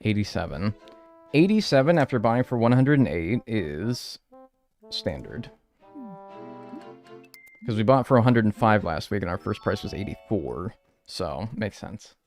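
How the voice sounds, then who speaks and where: A man's voice: on the low side, sing-song, measured pace, pauses often, darkish tone, faint music behind. A man streaming a game live, chatting casually and joking with his chat from his room.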